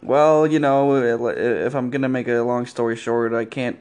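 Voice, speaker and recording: A man voicing a rambling, tipsy middle-aged male caller in an improvised comedy podcast bit, drawling and loud. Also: medium pitch, fairly even intonation, a little slow, smooth, natural voice.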